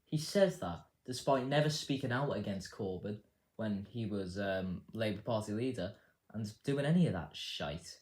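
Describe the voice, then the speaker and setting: A man's voice: lowish voice, lively intonation, normal speed, a little mellow. A man hosting a casual news commentary show, rambling and swearing with a sarcastic edge. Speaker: host.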